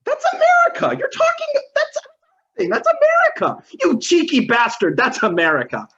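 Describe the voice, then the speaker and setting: A man's voice: very high voice, wildly swooping pitch, fairly quick, gravelly, a bit bright, dull audio, heavily acted. A man playing an exasperated, incredulous guy. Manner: incredulous, protesting. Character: exasperated straight-laced American guy.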